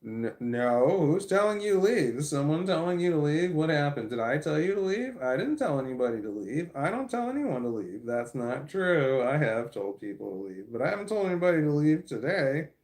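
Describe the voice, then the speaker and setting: A man's voice: a little high, very animated, a little fast, few pauses, darkish tone. Stammering man on a blunt live stream. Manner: stammers, with frequent repeated words and restarts; blunt and earnest, swears casually. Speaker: livestreamer reading viewer comments. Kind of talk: candid live-stream chat.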